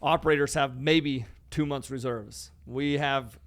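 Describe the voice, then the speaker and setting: Brief: male podcast host, hyped and emphatic, casual "dude" and "bro" talk, medium pitch. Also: fairly even intonation, a little slow. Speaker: podcast host, real estate investor.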